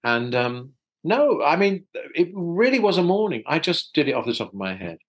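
Over a video call, a guest actor, an older man from South London, chats in a casual interview, sounding very animated at a normal speed with a slightly high voice. He hesitates, repeats himself, and often chuckles, all on a low-quality recording.

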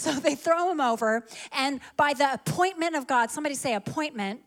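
Woman preacher, slightly high voice, animated storytelling sermon. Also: moderate pace, hardly any pauses. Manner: lively storytelling, acts out quoted lines.

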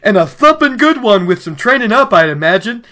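A woman voicing a poised, powerful sorceress who mentors a young pupil, brisk and teasingly scolding. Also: medium pitch, big pitch swings, fairly bright tone, voice pushed up. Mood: encouraging.

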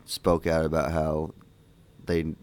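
Deep-voiced joking podcast co-host man. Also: monotone, a little mellow. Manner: rambling, joking, halting with fillers. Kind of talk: casual movie podcast chat.

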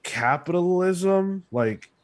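A man's voice: sits high, animated, slow. A man co-hosting a comic book podcast in casual chat, musing thoughtfully with lots of fillers. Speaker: podcast co-host.

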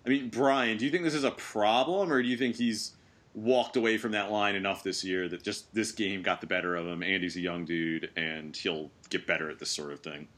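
A man hosting a casual sports podcast, animated and sarcastic, throwing in quick asides and questions to his co-hosts. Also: sits low. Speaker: podcast host.

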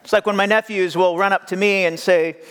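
A man's voice: sits high, steady tone, fairly quick, a bit bright, clear, resonant tone. A male pastor preaching in a joking, conversational way, with self-deprecating asides. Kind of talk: humorous sermon storytelling. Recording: long hall reverb.

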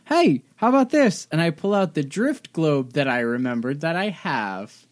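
A woman's voice: deep voice, very animated, moderate pace. A woman playing a tabletop game, chatting in an upbeat, coaxing way. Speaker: player. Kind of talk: casual tabletop game chat.

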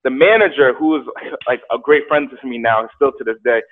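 A young man telling a story casually, animated, acting out quotes and repeating words. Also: mid-range voice, fairly quick. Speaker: guest telling his story. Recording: tinny phone-like sound.

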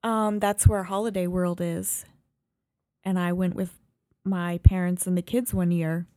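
A woman with a fairly low, mellow voice chats casually on a podcast. She talks in a relaxed, hesitant way and searches for her words as she goes. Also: measured pace, no echo, clean studio sound. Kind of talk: casual chat.

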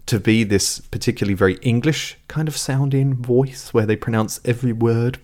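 A man's voice: medium pitch, moderate pace, a little mellow. A young man casually reviewing a song, talking at length in a rambling, thoughtful way. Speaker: music podcast co-host. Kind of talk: casual music review chat.

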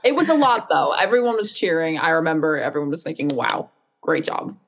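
A woman's voice: deep voice, sing-song, quick pace. A young woman who is a guest on a podcast, enthusiastically recounting an event in casual conversation. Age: young adult. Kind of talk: casual interview chat.

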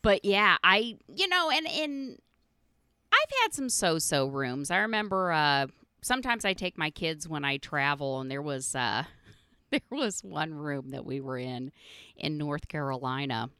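Profane, lively woman podcast host. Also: deep voice, unhurried, clean tone, no echo, clean studio sound. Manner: profane, blunt, laughing often. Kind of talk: casual storytelling monologue.

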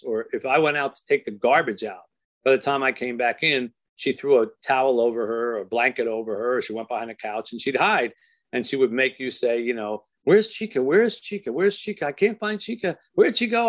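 An older man, an author, telling a personal story in an earnest, halting way, with many restarts and soft trailing phrases. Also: mid-range voice.

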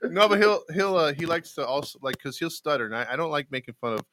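A man's voice: a little high, animated, quick pace, noisy background. A man co-hosting a live podcast show, chatting casually and telling stories with frequent laughs and repeated words. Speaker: podcast co-host.

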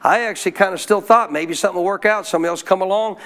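A man's voice: high-pitched, racing, fairly bright tone. A man preaching a sermon as pastor, who keeps calling out questions to the congregation. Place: church.

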